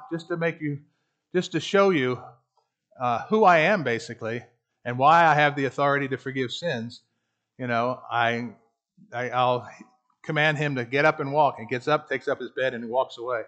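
A man's voice: medium pitch, a bit bright. A man leading a Bible study class, teaching in a conversational way and asking the group questions. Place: room with a class.

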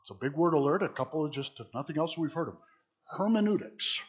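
A man leads a church Bible lesson in a loose, conversational way. He keeps putting questions to his listeners and often breaks off to restart a sentence. His voice sits a little high and has a husky grain. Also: rapid-fire. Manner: conversational, asks the audience questions, rambling restarts. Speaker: preacher teaching a church class. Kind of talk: interactive Bible teaching.

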